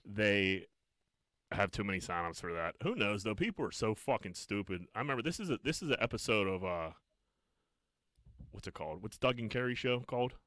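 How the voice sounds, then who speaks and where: A Pittsburgh-accented man in casual podcast banter, low in pitch with a bright, forceful edge. He curses freely and tells stories with a joking tone, recorded dry and close. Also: lively intonation, fairly quick, no room sound. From Pittsburgh, USA. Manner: profane, joking, storytelling. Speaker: podcast co-host. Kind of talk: casual banter among friends.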